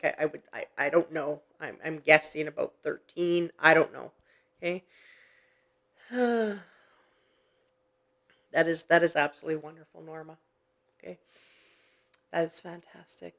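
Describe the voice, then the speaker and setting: A gentle, earnest woman hosting a live psychic reading. She reassures her listeners softly and hesitates often with ums and restarts. Her voice carries quiet emotion. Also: on the low side. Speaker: psychic medium host. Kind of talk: live-streamed spirit reading.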